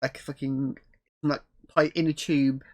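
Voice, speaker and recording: A man hosting a casual chat about a comedy series, relaxed and swearing freely. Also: mid-range voice, unhurried. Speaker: host.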